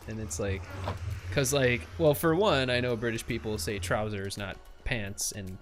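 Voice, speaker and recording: A man's voice: lowish voice, moderate pace, background noise. A young man chatting casually on a livestream while he plays, throwing in goofy made-up sound words. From USA. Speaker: streamer.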